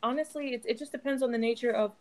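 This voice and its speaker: A woman's voice: on the high side, racing, over a noisy crowd. A woman around forty, a podcast co-host in casual chat, telling stories and acting out other people's lines. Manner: chatty storyteller, acts out quotes.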